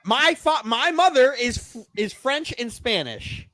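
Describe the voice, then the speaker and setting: A man's voice: extremely high pitch, measured pace. A man co-hosting a casual sports podcast, arguing animatedly and swearing freely. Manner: animated, argumentative, swears a lot. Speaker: podcast co-host. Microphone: remote live stream setup.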